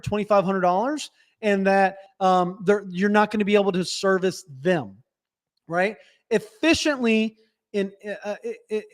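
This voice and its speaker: A man coaching small business owners on a live stream, direct and instructive, often checking in with "right?". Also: sits high. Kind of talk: live webinar teaching.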